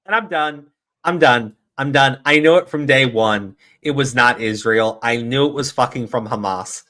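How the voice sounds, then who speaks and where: A man's voice: medium pitch, normal speed, bright, forceful tone. A man hosting a podcast, ranting profanely about the news and mocking opponents with sarcastic quotes. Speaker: podcast host. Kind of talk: heated political commentary.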